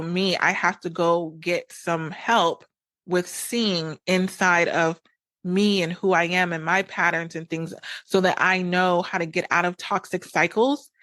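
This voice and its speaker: Frank, low-voiced woman giving relationship advice. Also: a bit bright, no room sound. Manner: conversational, frank, repeats phrases for emphasis. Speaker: podcast host and coach. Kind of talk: casual advice monologue.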